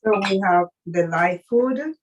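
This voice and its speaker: A woman chef leading a live cooking demonstration, speaking haltingly with fillers and restarts, an English speaker. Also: mid-range voice, expressive, muffled recording, slight background noise.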